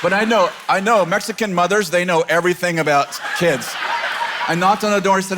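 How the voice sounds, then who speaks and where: A man's voice: sits high, fairly quick, fairly bright tone. Joking man on a noisy church stage. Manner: wry, joking asides. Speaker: pastor, husband chiming in. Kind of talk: joking sermon banter.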